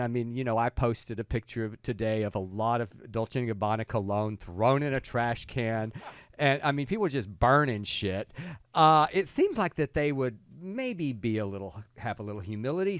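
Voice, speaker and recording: A man co-hosting a talk show in casual chat, rambling and halting, with some profanity. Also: medium pitch, no echo, studio quality.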